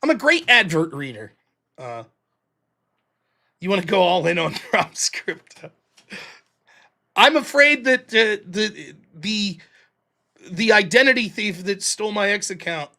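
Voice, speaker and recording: A man with a high, bright voice talks loosely on a livestream, sarcastic and quick to swear. He rambles between thoughts and reads out viewer donations. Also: very animated. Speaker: show host. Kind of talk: livestream chat reading donations.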